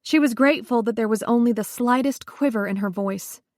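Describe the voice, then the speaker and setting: A woman narrating a suspense audiobook in a measured, even storytelling manner. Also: fairly high pitch, no room sound, clean studio sound. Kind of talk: scripted narration.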